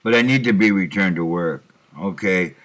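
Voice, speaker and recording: A middle-aged man, a truck driver, talking to himself in a rambling monologue recorded on his computer, with many fillers and frequent throat clearing. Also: low voice, moderate pace, fairly bright tone. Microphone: computer microphone.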